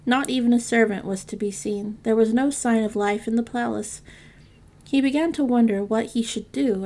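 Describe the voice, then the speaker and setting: A woman narrating a classic fairytale in a calm, measured storytelling reading. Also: mid-range voice.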